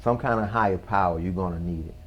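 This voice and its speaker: A man who is a guest on an interview show, earnestly telling a personal story in a slow, casual way with slang. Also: sits low, muffled recording, slight background noise.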